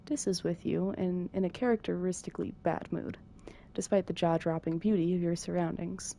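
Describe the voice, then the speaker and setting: Low, gravelly-voiced woman narrator. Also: fairly even intonation, moderate pace, dark tone, slight background noise. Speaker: narrator reading a visual novel. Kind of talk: soft bedtime narration.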